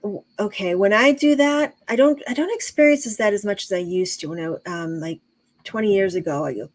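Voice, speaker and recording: A middle-aged woman chatting calmly as an interview guest, explaining with long examples and many fillers. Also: medium pitch, a little fast, low-quality recording. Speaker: guest, intuitive medium and teacher. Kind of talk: casual interview chat.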